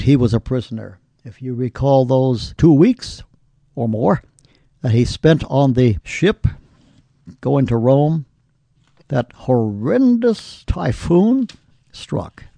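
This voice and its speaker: A gravelly-voiced older man preaches a sermon at an unhurried pace. His tone is dark and mellow, and his delivery is emphatic, with exclamations that lift high. The sound is dry and close. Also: lively intonation, no echo.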